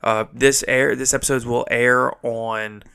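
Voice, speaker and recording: Man, podcast co-host, casual chat, stuffed-up, bright, smooth. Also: mid-range voice, flat delivery. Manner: chatty, quick back-and-forth. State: stuffed up from allergies.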